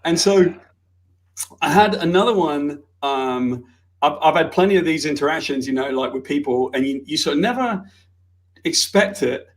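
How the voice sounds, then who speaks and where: Guy rambling thru stories, swears a lot, voice a bit on the high side. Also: lively intonation, moderate pace. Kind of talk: casual chat, anecdote.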